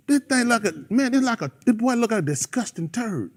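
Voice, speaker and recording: Animated high-pitched preaching man. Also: brisk. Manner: animated, preachy, calls out listeners by name. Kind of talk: fiery sermon to a congregation.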